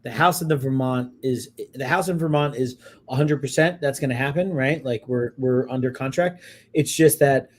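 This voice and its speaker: A man's voice: medium pitch, normal speed, slight background noise. A man co-hosting a casual podcast from a hotel room, talking in a rambling, profane way with many stammered restarts. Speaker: podcast co-host. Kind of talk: casual chat.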